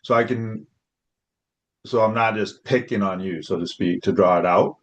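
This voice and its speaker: A man's voice: on the low side, normal speed. Hesitant, reflective man on a muffled line. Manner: reflective and hesitant, many fillers. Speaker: host. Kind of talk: casual conversation.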